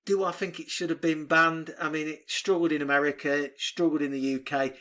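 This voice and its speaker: Man, podcast co-host, lively and sweary, recapping a film, slightly high-pitched. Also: a little fast. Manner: animated, sweary, recaps plot with mock voices. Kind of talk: casual film review chat.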